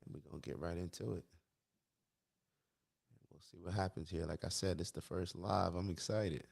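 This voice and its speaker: A man's voice: sits low, fairly even intonation, moderate pace, gravelly, darkish tone, husky. A man hosting a live stream, talking casually and giving his opinions, often repeating and restarting his phrases.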